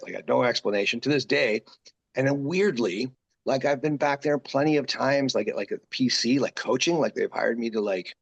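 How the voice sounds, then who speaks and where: A man with a raspy, deep voice, a guest wrestler telling rambling stories in a casual interview. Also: highs cut off. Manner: rambling, animated, full of quoted asides.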